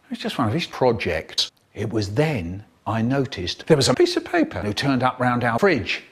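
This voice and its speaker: Man telling a silly story, lively voice. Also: mid-range voice, moderate pace, slightly rough. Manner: jumpy storytelling full of silly voices and sudden yelps. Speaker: narrator. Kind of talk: absurd comedic storytelling.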